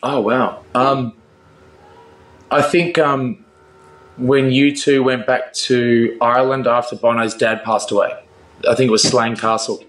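A man's voice: medium pitch, steady tone, measured pace, a bit bright. Man chatting loosely in a roomy space. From Australia. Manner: laughing, swearing, rambling with restarts. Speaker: guest rock singer. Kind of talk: casual interview chat. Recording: roomy echo.

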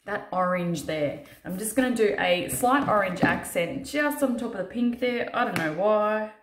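A woman's voice: medium pitch, lively intonation, normal speed, slight background noise. A tired woman talking through a makeup tutorial, chatty and self-mocking, swearing casually as she works. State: tired from little sleep. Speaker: makeup artist doing a tutorial. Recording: roomy echo.

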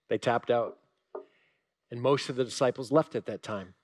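A male pastor giving a sermon, telling stories with animated emphasis and sudden drops to a quiet voice. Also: mid-range voice, brisk.

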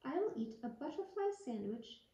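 A woman's voice: high-pitched, big pitch swings, normal speed, warm tone. A woman voicing a fussy, genteel male frog fisherman with prim, polite storybook speech. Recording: roomy, distant, dull lo-fi sound.

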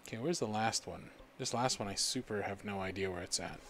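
A man's voice: lowish voice, animated, slow pace, over loud music. A man giving goofy, chatty let's-play commentary, self-deprecating and often dropping to a mutter. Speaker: gaming YouTuber.

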